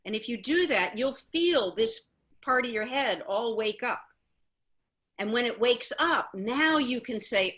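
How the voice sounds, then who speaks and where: A woman with a bright, fairly high voice speaks over a video call as the facilitator of a training session. She talks gently and encourages the group. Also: animated, measured pace, rough recording. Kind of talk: online training talk.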